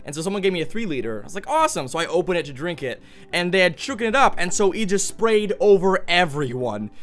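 A man's voice: sits high, lively intonation, quick pace, a bit bright. A man giving goofy, jokey commentary while playing a video game, exclaiming and talking to other players as he goes. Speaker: gaming YouTuber.

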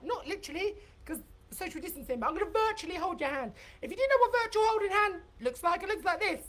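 A man leading a live-streamed dance tutorial, excitable and chatty, reading out viewer comments and breaking into high whoops. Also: fast talker, echoey room, recorded from a distance. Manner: bursts into high shouts and whoops. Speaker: dance workshop leader.

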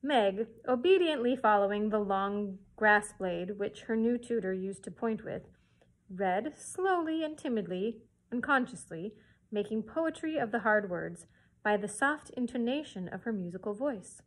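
A woman children's librarian reading a classic novel aloud to listeners, in a clear, expressive way. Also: medium pitch, a little slow, rough recording. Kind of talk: read-aloud storytelling.

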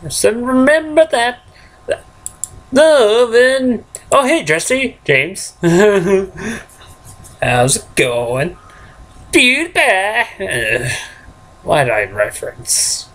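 A man's voice: high voice, sing-song, drawn-out words, long pauses, fairly bright tone. A man hosting a game let's play, rambling casually and chuckling to himself as he plays. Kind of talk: casual gameplay commentary.

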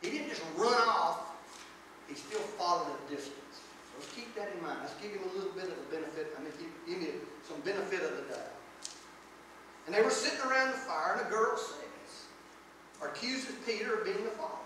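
A man's voice: high voice, brisk, bright, forceful tone, far from the mic, a little hiss or hum. A man preaching a sermon, reading scripture and acting out the quoted lines, with folksy asides. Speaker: pastor. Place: church sanctuary. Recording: echoey church hall, speaker away from mic.

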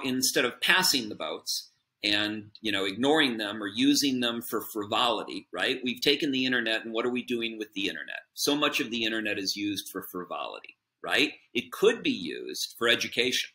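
A man's voice: fairly low pitch, expressive, moderate pace, sharp tone. A man speaking as a podcast guest, explaining his views earnestly in a conversational way, with frequent fillers and a habitual "right?" at the end of points. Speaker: podcast guest, business chairman. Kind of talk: conversational interview answer.

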